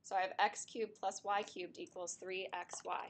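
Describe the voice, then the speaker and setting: A woman's voice: medium pitch, level tone, moderate pace, slight background noise. A woman teaching a math class, explaining steps to her students while she is losing her voice and it keeps cracking. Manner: talks through steps at the board, chatty with students.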